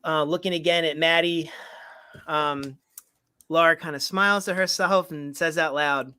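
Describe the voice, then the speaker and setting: A man's voice: fairly high pitch, steady tone, moderate pace, bright, forceful tone, smooth. Chatty man reading a comedy script. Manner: chatty, many fillers, reads lines in playful voices. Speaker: podcast co-host.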